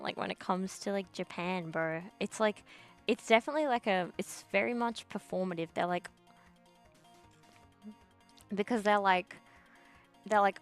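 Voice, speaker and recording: A young woman talks straight to her viewers, blunt and full of curse words and slang. Her voice sits at an ordinary middle pitch. Soft music plays faintly underneath. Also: normal speed, pauses often, smooth. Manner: blunt, heavy swearing, slangy "bro". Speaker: streamer reading chat. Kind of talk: casual ranting chat.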